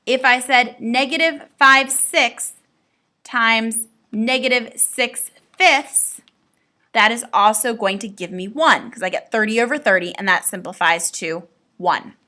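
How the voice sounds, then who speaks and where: A woman's voice: fairly high pitch, unhurried, bright, forceful tone. A woman teaching a recorded math lesson, explaining step by step with playful asides to her students.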